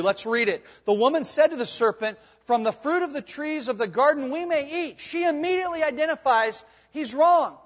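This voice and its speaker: Man preaching with hushed-to-emphatic swings. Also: very high-pitched. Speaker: pastor. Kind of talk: sermon. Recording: dull sound with long hall reverb.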